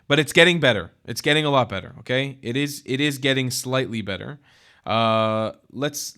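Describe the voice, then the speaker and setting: Brief: male YouTube host, loose and profane, mid-pitched voice, reacting to news clips. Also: smooth. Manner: animated, profane and chatty. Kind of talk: casual news commentary.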